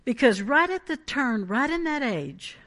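A woman delivers a sermon with animated emphasis and chatty asides. Her voice sits high and sounds bright. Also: unhurried. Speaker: preacher.

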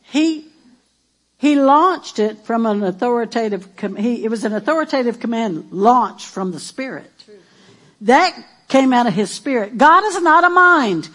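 A woman preaching a sermon in an animated, emphatic and playful way. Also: fairly high pitch, a little slow.

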